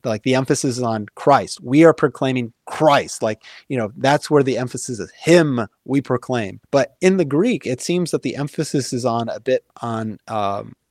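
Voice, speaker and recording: A man's voice: medium pitch, normal speed, few pauses, darkish tone, no echo, studio quality. Earnest man explaining at length. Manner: earnest, thoughtful, many fillers and restarts. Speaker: guest. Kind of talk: casual conversational explaining.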